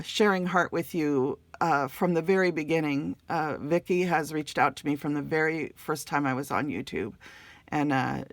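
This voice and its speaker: Casting: middle-aged woman, low gravelly voice, gushing casual unboxing host. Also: dry recording. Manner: gushing, warm thank-yous, many fillers. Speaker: crafting channel host.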